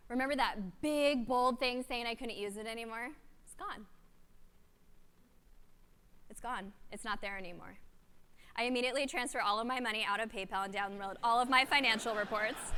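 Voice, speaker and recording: A woman giving a keynote talk at a conference, telling a story with lively, animated delivery and acted-out quotes. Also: a little high, brisk, clean tone. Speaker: keynote speaker. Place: conference hall. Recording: long hall reverb.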